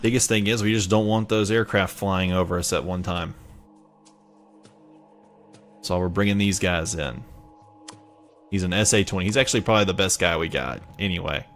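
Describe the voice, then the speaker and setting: A man's voice: sits low, normal speed, pauses often, fairly bright tone, faint music behind. A man with a Southern US accent giving casual, rambling gameplay commentary, chatty and self-mocking. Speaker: let's play gamer.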